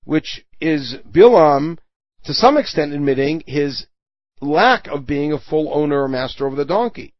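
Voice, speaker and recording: A man's voice: fairly high pitch, expressive, normal speed, no room sound. A man giving a Torah lesson, reading Hebrew verses and translating them line by line, with everyday examples. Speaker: Torah teacher. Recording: dull lo-fi recording.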